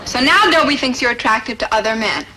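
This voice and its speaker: A woman's voice: a little high, expressive, fast, heavy background noise, close to an everyday voice. An actress playing a blunt, practical young woman friend in a 1960s sitcom, dry and matter-of-fact.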